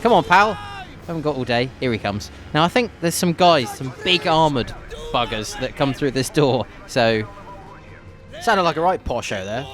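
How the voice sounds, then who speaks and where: Chatty man with a lively voice. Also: medium pitch. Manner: chatty and jokey, with dry asides. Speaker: history podcast host. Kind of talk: game playthrough commentary with history. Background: game gunfire and faint music.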